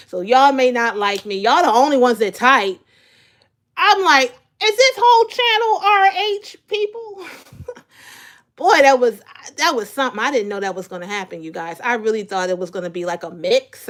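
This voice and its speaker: Chatty high-voiced woman commentator. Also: fairly bright tone. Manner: chatty, repeats words, talks straight to viewers. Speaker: commentary channel host. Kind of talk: casual live commentary.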